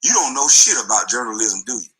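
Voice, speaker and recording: Man ranting in a bright, husky voice. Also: medium pitch, very animated, fast talker, rough recording. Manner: taunting, insulting, confrontational. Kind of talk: angry profane rant in a played clip.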